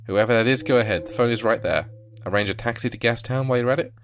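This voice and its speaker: A man voicing a calm, practical woman who is a detective partner in a game. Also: mid-range voice, fast talker, close to an everyday voice. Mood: steady.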